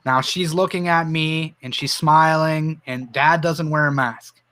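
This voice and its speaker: A man's voice: fairly high pitch, fairly even intonation, unhurried, pushed and bright. A Canadian man hosting a livestream, telling personal stories and reading viewer comments aloud in an earnest, emotional way. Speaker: livestream host.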